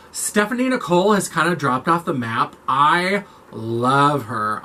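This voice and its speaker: A man chatting to camera about makeup and creators, animated and campy in manner. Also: on the high side, a little hiss or hum. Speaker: makeup vlogger. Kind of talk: casual chat to camera.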